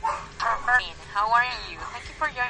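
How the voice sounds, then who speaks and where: A woman co-hosting a fan podcast, chiming in with short, drawn-out remarks. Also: a little high, animated, gravelly, noisy background. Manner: brief interjections, slow and drawn out. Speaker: podcast co-host. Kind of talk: casual fan podcast chat.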